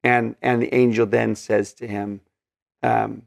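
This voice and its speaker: A man's voice: on the low side, flat delivery, unhurried, gravelly, no room sound, studio quality. A man teaching scripture in an earnest, conversational way, with many fillers and restarts. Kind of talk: casual scripture study talk.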